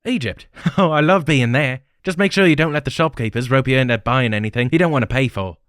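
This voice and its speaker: A chatty young Australian woman, voiced by a man, smiling through her words and pitched above the narrator's low voice. The read is close and dry. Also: fast talker, a bit bright, clear, resonant tone, no echo, close to an everyday voice.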